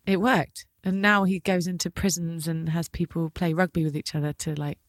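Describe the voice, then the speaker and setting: A woman hosting a relaxed conversation who reacts readily and tells stories of her own. Her voice sits a little low. The recording is dry, with no room sound. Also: normal speed, no room sound. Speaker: host. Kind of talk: casual chat.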